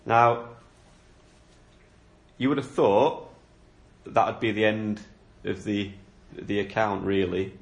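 A man's voice: fairly low pitch, slow, gravelly, pauses often. A man preaching a sermon, explaining a Bible passage in an earnest, questioning way. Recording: echoey room.

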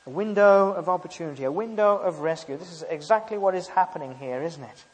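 Male preacher with a high voice, emphatic with tag questions, recorded in an echoing hall. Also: animated, fast talker. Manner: emphatic, rhetorical tag questions, frequent hesitations. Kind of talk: sermon.

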